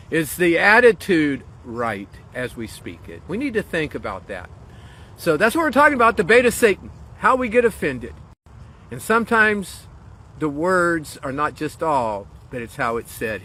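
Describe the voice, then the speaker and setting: A man's voice: fairly high pitch, bright, forceful tone, slight background noise. A man speaking as a pastor in a short devotional message, earnest and encouraging, leaning on key phrases.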